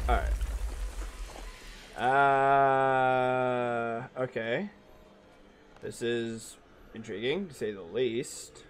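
A young man streaming a video game, chatting casually, swearing and yelling back at what happens on screen. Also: medium pitch, drawn-out words, pauses often, a little hiss or hum. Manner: excitable, profane, talks back to the game. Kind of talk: casual gaming commentary.

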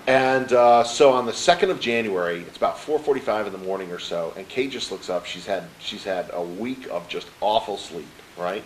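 With barely a pause, a middle-aged man speaks at a moderate pace in a lowish voice, telling a personal story as an interview guest. He's a motivational speaker who animatedly performs the quoted dialogue and repeatedly asks the host "right?" The recording is low quality, with a little hiss or hum.

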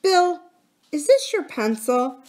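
A woman's voice: high voice, big pitch swings, slow, darkish tone, pitched above the performer's own voice, exaggerated voice. Woman doing an eager, pleading schoolboy. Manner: earnest, pleading.

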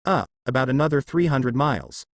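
A man's voice: mid-range voice, fairly quick, no room sound, lightly acted. A man voicing a squeamish, earnest young male hunter who speaks hesitantly in a fan story reading.

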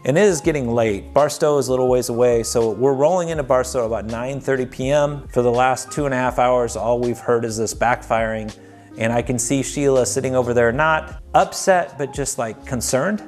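A man recounts his own journey for a documentary. His voice sits at a middle pitch, and he talks in an earnest, heartfelt, conversational way, as if chatting with a friend. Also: normal speed, a little mellow, faint music behind. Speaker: documentary narrator telling his own story. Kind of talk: personal storytelling.

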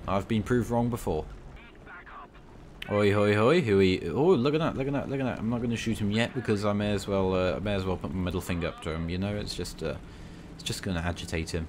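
A man's voice: fairly low pitch, a little hiss or hum. A young British man playing a tank game and talking through it in rambling, cheeky banter. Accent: British English. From Britain. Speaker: gaming channel host.

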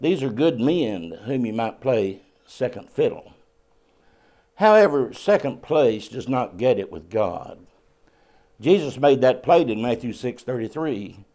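A man's voice: medium pitch, sing-song, unhurried, warm tone. A man presenting a short devotional segment on a religious TV program, telling a self-deprecating story in a folksy manner. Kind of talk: scripted devotional talk with anecdotes.

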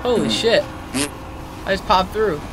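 A young man playing a game with friends over voice chat, yelling and swearing at what happens on screen. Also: sits high, unhurried, music in the background. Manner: excitable, loud outbursts and swearing. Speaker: gamer. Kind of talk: casual gaming chat over voice call.

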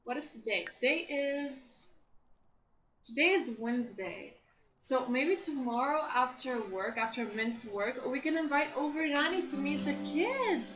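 Young woman gushing over her sim family, bubbly and chatty, high voice, room echo. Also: a little slow, fairly bright tone, lo-fi sound, soft background music. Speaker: gameplay commentator. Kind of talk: casual let's-play commentary. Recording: roomy echo.

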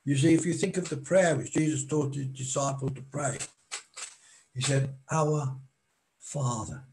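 A male preacher gives a sermon in a mellow, warm, medium-pitched voice with a creaky edge, speaking slowly and pausing so each phrase lands. The audio is poor, with a little hiss or hum.

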